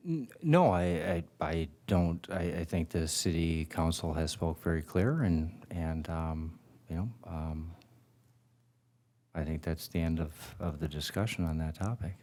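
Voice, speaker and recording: Man, city finance director; very deep voice, measured and hesitant. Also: warm tone. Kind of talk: council workshop discussion.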